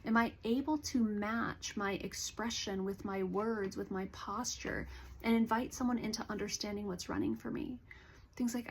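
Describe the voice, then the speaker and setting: A woman counselor giving a calm, earnest educational talk to camera, explaining things gently. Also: medium pitch, normal speed, slight background noise. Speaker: licensed counselor.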